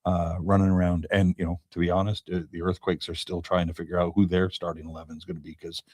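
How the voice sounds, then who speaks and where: Deep-voiced man, chatty soccer co-host. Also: level tone, fast, a little mellow, dry recording, studio quality. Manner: rambling, chuckles, restarts a lot. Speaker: podcast co-host. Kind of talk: casual chat about local soccer.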